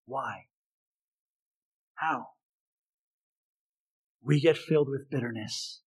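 A male preacher giving an expository sermon, swinging between raised, emphatic lines and hushed, low asides. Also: breathy edge. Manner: slow, deliberate delivery.

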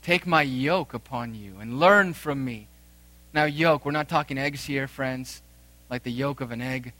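A pastor in his thirties preaches a sermon emphatically, using dramatic pauses and rising swells. His mid-range voice has a sharp tone, with no echo.

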